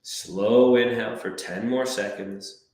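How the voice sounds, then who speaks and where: A man coaching a breathwork class, calmly counting and giving gentle step-by-step cues. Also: on the low side, slow. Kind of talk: guided breathwork class instruction. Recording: very echoey room.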